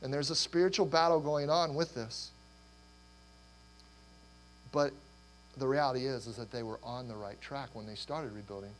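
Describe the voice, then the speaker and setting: A middle-aged man preaching a sermon, animated and rambling, with restarts and laughter, his voice going hoarse. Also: mid-range voice, normal speed, long pauses, a little hiss or hum, low-quality recording. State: losing his voice. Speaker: pastor.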